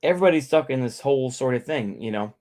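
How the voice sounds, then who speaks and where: A middle-aged man from North Texas hosts his own livestream, ranting casually and loosely in a fast, expressive voice of medium pitch that is a little mellow. He swears freely and keeps repeating himself between asides.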